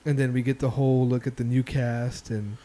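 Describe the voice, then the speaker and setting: A man hosts a casual podcast, retelling stories in a loose, profane ramble. His voice sits in a middle pitch with a mellow, relaxed tone. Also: a little fast, slight background noise. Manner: loose, profane storytelling with filler ums. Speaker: podcast host. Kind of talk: casual chat.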